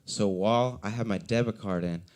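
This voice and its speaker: A man's voice: on the low side, normal speed, darkish tone. A young man performing a stand-up set at an open mic, rambling and self-deprecating, acting out the voices of the people in his stories. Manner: rambling, self-deprecating storytelling with acted-out quotes. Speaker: stand-up comedian. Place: coffee shop open mic.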